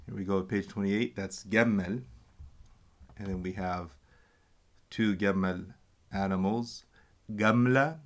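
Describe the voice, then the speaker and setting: A man patiently teaching a reading lesson, sounding out syllables and pausing to explain and correct himself. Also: deep voice. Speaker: language teacher.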